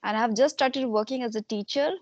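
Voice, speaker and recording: A fairly high-pitched woman, speaking as a teacher in a measured, polite way. She asks her questions calmly. The sound is dry and a little dull, like lo-fi online call audio. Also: dry recording. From India. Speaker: English teacher and channel host. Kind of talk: conversation practice interview.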